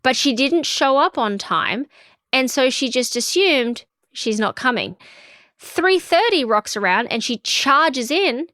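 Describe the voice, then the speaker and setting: Taking it slowly in a high voice, a woman co-hosting a podcast relates an indignant story in casual chat. She's animated, acting out what the people in it said. The recording is dry, with studio quality.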